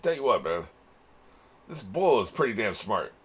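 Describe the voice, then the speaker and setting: A man with a very low voice talks through an episode as he watches, musing aloud in loose reaction commentary. He drops casual swears and chuckles as he goes. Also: big pitch swings, moderate pace, fairly bright tone, slightly rough. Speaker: anime reaction channel host.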